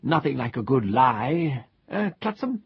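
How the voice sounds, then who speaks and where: Man playing a tipsy gentleman, pompous, sing-song, gravelly, lifted pitch, dull lo-fi recording. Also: big pitch swings, a little slow, no room sound, heavily acted. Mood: tipsy, genial. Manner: slurred exaggerated civility, sing-song. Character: tipsy middle-aged gentleman hotel guest, pompous.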